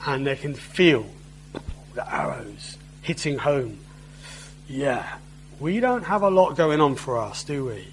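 A man's voice: medium pitch, lively intonation, slow, long pauses, a little hiss or hum, poor audio. A man preaching a sermon in a conversational way, often asking his listeners tag questions.

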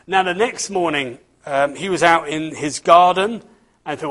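Husky, slow-talking man telling a story. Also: fairly high pitch. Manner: animated storyteller, asks the listeners questions. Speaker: preacher giving a children's talk. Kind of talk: storybook reading and children's talk.

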